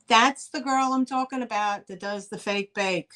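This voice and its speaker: A woman's voice: a little high, moderate pace, bright, forceful tone. A woman with a New York accent hosting a live online sale, chatting with viewers and greeting them by name. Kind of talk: live-stream selling chat.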